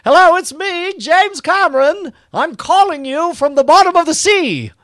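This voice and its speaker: A man doing a comic impression of a rich, absent-minded inventor-plutocrat filmmaker who shouts a lot. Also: very high voice, lively intonation, normal speed, dry recording, voice pushed up, full character voice. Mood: grandiose.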